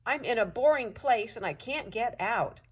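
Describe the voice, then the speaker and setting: A woman voicing an eager, loyal young pet dog in a children's storybook, calling out in excited barks. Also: fairly high pitch, normal speed, husky, pitched above the performer's own voice. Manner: excited barking shouts.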